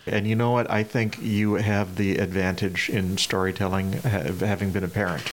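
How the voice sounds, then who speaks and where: A man's voice: low-pitched, little pitch movement, normal speed, a little hiss or hum. A man co-hosting a podcast, chatting casually with dry jokes. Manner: dry, joking. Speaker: podcast co-host. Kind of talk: casual chat.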